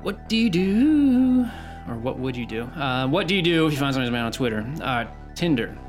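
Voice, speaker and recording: A man's voice: mid-range voice, quick pace, fairly bright tone. Male podcast co-host, loose and profane, joking banter, faint music underneath.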